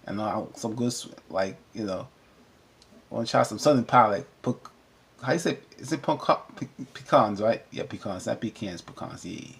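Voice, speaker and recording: A man recapping a TV episode in a casual, animated, rambling way, often cutting himself off, with features. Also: medium pitch, normal speed, gravelly. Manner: animated, rambling, self-interrupting. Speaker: TV recap vlogger. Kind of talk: casual chat.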